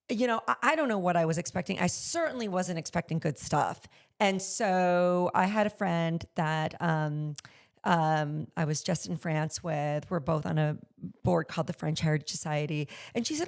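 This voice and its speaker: A middle-aged woman speaking with a gravelly, fry-edged voice that sits a little low. She tells her stories candidly and animatedly, slipping into the voices of the people she quotes, in a relaxed conversational interview. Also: normal speed. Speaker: podcast guest, luxury consignment store owner.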